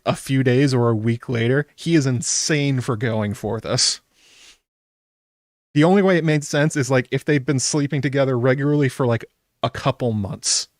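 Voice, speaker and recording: A middle-pitched man talks through a show recap in a loose, incredulous way. He chuckles and trails into ums, and his voice sounds close and dry. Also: no room sound. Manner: chatty and incredulous, laughs often, many ums. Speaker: YouTube aftershow host. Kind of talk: casual solo reaction commentary.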